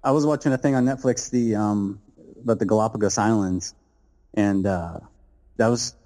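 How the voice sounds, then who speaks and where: Mellow low-voiced laid-back man. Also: moderate pace. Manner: easygoing, says "dude" and "man". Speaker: podcast co-host. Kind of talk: casual podcast chat.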